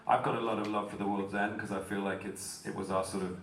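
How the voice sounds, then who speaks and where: A British man with a fairly low voice tells chatty, self-deprecating stories, with a casual swear here and there. He is recorded from across a big echoey convention hall, with steady noise underneath. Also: fast talker, distant mic. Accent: British English. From Britain. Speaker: panel guest.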